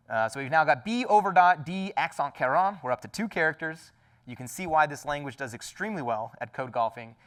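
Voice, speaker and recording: At a conference hall, a man gives a technical talk as a conference speaker, explaining enthusiastically with lots of fillers and restarts. His voice is fairly high and a bit bright, picked up by a distant mic.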